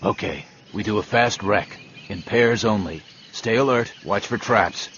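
A male narrator voicing a gruff leader giving short, clipped orders. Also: fairly low pitch, a little slow, a bit bright, dull audio, a little hiss or hum. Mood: commanding. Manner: terse, commanding.

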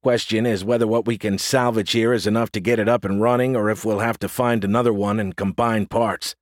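A man doing a calm, practical officer who talks in a measured way. The voice sits low and the audiobook sound is dry and close. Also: dry recording, lightly acted. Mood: steady. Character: calm, level-headed male military leader.

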